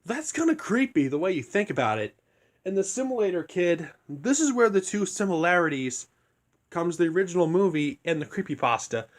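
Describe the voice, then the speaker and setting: Hushed, rambling young man, slightly high voice. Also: very animated, brisk. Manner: rambling, hushed to keep from waking others. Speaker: reviewer. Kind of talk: casual retelling of a story.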